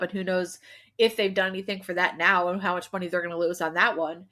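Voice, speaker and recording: A woman co-host in a relaxed podcast chat. She talks emphatically and loosely, packing her sentences with "like" and slangy asides. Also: on the low side, a little fast. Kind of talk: casual chat.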